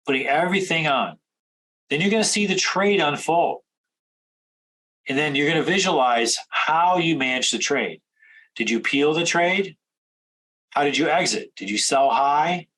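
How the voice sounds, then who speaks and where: A man coaching traders in a direct instructional talk, firing off rapid questions. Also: mid-range voice, a bit bright, rough recording. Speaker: trading coach.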